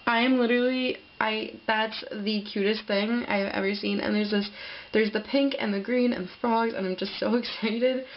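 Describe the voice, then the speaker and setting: A woman's voice: a little high, moderate pace, lo-fi sound. Gushing young woman vlogging a package. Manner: gushing, excitable, many fillers and laughs. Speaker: pet vlogger. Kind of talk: casual unboxing vlog.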